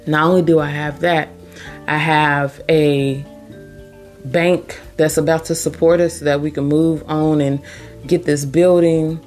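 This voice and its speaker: A woman's voice: deep voice, little pitch movement, measured pace, a little mellow, faint music behind. A woman hosting her own podcast, talking earnestly and emphatically, repeating her key points. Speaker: podcast host. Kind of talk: casual motivational monologue.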